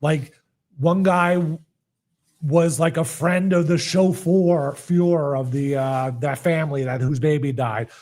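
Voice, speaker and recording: A man's voice: on the high side, unhurried, darkish tone. Rambling man recapping a movie. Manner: rambling recap with many likes and fillers. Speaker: podcast co-host. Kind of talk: casual chat.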